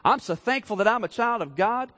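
A man preaching a sermon, moving from quiet storytelling to raised, emphatic declarations. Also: sits high, expressive, a little fast. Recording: long hall reverb.

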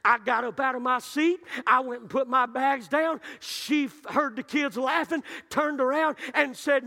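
A man preaching a sermon, telling stories and building to shouted climaxes. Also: very high-pitched, steady tone, measured pace, gravelly, few pauses. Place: church sanctuary. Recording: long reverb of a church hall.

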